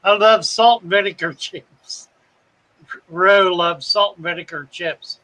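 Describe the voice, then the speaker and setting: A man's voice: high-pitched, slow pace, sharp tone, low-quality recording. A man from South Carolina, hosting a live fish-keeping stream and chatting as he reads out viewer comments. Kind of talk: casual live-stream chat reading comments.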